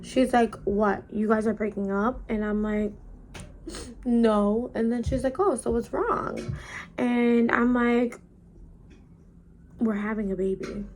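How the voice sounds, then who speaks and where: A young woman talks straight to her camera in a loose, chatty storytime, jumping into animated voices for each person she quotes. Her voice sits a little high. There is a faint hiss of noise behind her. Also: slow, pauses often. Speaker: vlogger. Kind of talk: casual storytime chat. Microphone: camera mic while doing makeup.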